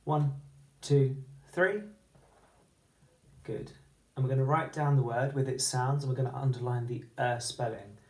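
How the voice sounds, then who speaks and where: A teacher giving a phonics lesson, slowly sounding out words syllable by syllable and letter by letter. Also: medium pitch, steady tone, a little mellow. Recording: echoey room.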